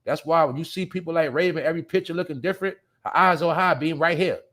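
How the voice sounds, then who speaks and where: A man hosting a show, ranting bluntly and profanely at his viewers, swinging between loud outbursts and low mutters. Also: quick pace. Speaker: podcast host. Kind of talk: casual profane commentary.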